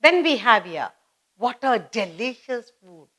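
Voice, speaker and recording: Lady teacher going over sentence types for kids, kinda high voice, says everything twice. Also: very animated, bright, forceful tone. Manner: explains slowly with many repeated examples. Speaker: English teacher. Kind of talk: children's grammar lesson.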